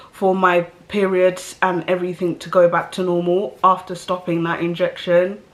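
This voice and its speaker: A woman's voice: on the low side, a bit bright. Chatty woman with stuffy nose. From South London. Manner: chatty, rambling with fillers and self-aware asides. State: stuffy nose from hay fever. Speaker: vlogger. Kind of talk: casual storytelling to camera.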